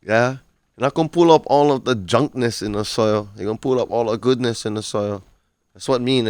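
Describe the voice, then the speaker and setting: A man with a Hawaiian Pidgin accent, a farmer telling stories in a casual chat on a farm, animated and quick to laugh. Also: on the low side, smooth, no echo. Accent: Hawaiian Pidgin English. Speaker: podcast guest, farmer.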